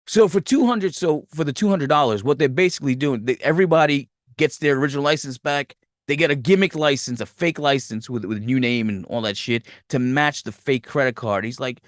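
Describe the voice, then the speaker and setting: A man's voice: medium pitch, a little fast, no echo, clean studio sound. A man hosting a podcast, animatedly telling a movie's plot in a rambling, profane, casual way. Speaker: podcast host.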